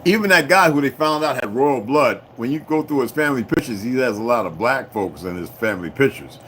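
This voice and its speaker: A man's voice: medium pitch, lively intonation, brisk, a bit bright, slight background noise. A middle-aged man hosting a casual livestream, rambling and swearing freely, laughing often and talking back to his chat. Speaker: livestream host.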